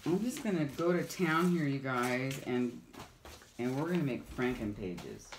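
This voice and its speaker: Crafting vlogger, woman with a deep voice, chatty and self-narrating at her table. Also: lively intonation, unhurried, background noise. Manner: chatty, rambling, self-talk while working. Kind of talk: casual crafting chat to camera.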